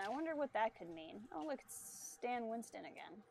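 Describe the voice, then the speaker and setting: A woman's voice: fairly high pitch, big pitch swings, fairly quick, vocal fry, darkish tone, a little hiss or hum. A woman streaming a video game, chatting casually, explaining mechanics and teasing enemies on screen. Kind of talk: casual gameplay commentary.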